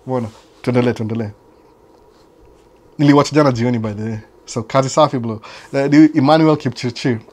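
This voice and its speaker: A Kenyan man with a Kenyan accent talks quickly in a relaxed host chat with viewers, sliding back and forth between Swahili and English. He repeats his phrases for emphasis and acts out other people's voices. His voice sits at an ordinary pitch for a man. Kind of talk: casual live chat answering viewers. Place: United States.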